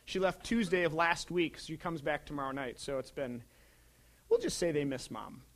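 High-voiced conversational male pastor. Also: big pitch swings, moderate pace, a little hiss or hum. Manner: conversational, dynamic swings from loud to quiet. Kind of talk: sermon.

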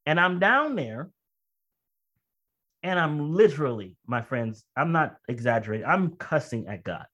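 A man preaching a sermon in a conversational way, telling a personal story. He moves between quick asides and slow, emphatic phrases, and his voice jumps high and loud when he relives strong feelings. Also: sing-song, muffled recording. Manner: rises to loud high-pitched outbursts when reenacting emotion.

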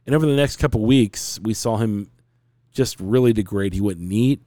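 40s guy rambling thru a story on his podcast, kinda low, mellow warm voice. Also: normal speed, no room sound, studio quality. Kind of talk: casual storytelling chat.

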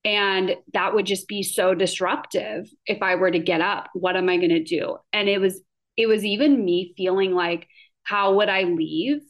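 A woman's voice: medium pitch, normal speed. A woman in her thirties telling a personal story in a casual vlog, chatty and full of fillers. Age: 30s. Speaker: vlogger.

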